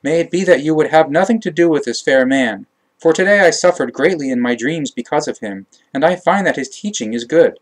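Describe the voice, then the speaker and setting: A man's voice: on the high side, animated, fairly quick. A man reading the part of a governor's troubled wife, speaking earnestly and imploringly. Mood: pleading.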